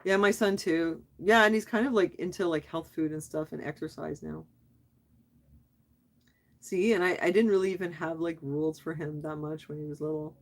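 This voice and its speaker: A woman's voice: low voice, moderate pace. A middle-aged woman hosting a casual livestream, chatting with viewers and reading their comments aloud, asking questions back and laughing often. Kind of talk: casual live chat.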